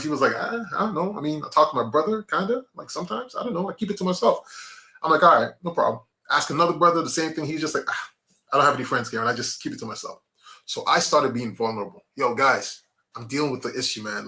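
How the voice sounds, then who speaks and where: A man with a bright, forceful voice tells personal stories as a guest on a podcast. He talks casually and acts out the voices he quotes. He often calls people "man" and "bro". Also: medium pitch. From grew up on an island. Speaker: podcast guest, motivational speaker. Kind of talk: casual conversation, storytelling.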